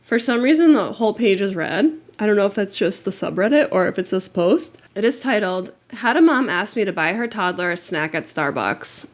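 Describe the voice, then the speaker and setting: A woman's voice: mid-range voice, expressive, moderate pace, hardly any pauses. A young woman co-hosting a casual podcast, chatting candidly, swearing freely and reading stories aloud. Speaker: podcast co-host.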